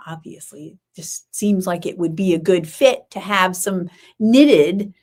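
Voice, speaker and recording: A woman's voice: on the low side, measured pace, a little mellow. A woman hosting a live-stream podcast, chatting casually in a rambling way with many fillers and self-corrections. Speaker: podcast host.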